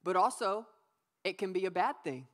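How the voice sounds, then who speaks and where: A young adult woman giving a youth sermon, playful and lively, calling on the audience to repeat words back. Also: mid-range voice, moderate pace. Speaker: youth pastor. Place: church youth service.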